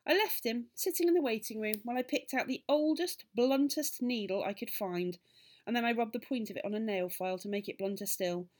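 A woman reading aloud, voicing an excitable, mischievous little old village doctor who rises to loud indignant bursts. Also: fairly high pitch, fairly quick, voice pushed up, lightly acted. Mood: gleeful storytelling.

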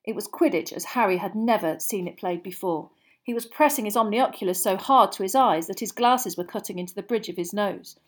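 A woman reading a storybook aloud in steady narration. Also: medium pitch, a little fast. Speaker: audiobook reader.

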